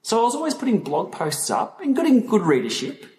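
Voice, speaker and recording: A middle-aged man from Melbourne with an Australian accent, chatting casually as an interview guest and telling lively stories. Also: sits high, brisk. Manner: chatty storyteller, lively and animated when retelling anecdotes. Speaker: guest, cycling vlogger and racer. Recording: echoey room with long reverb.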